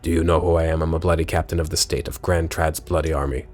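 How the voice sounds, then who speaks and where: A man's voice: rumbling low, level tone, fast talker, a little mellow, faint music behind, voice pushed down. Man putting on a pompous blustering captain. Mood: indignant.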